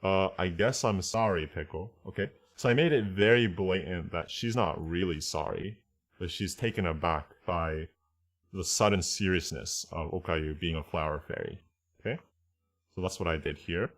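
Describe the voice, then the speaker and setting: A man with a very low voice teaches an online class in a relaxed, chatty way. He talks through his translation choices as he goes, stopping to rephrase and correct himself. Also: moderate pace. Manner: thinks aloud, explaining choices with frequent self-corrections.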